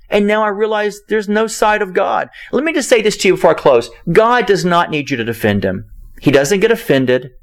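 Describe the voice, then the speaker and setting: A man hosting a podcast, preaching an earnest sermon with repeated words and emphatic turns. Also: high-pitched.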